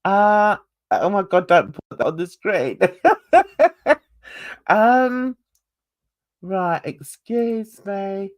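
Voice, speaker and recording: A woman with a light London and Essex twang hosts a casual chat, rambling from one thought to the next and laughing often. She talks at an unhurried pace. The recording is dry and close. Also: mid-range voice, animated, no echo. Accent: mild London and Essex. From England. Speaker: channel host.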